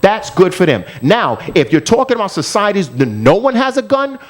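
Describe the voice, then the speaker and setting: High, animated man ranting profanely. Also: normal speed. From United States. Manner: angry, profane, emphatic ranting. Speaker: co-host. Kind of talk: heated podcast rant.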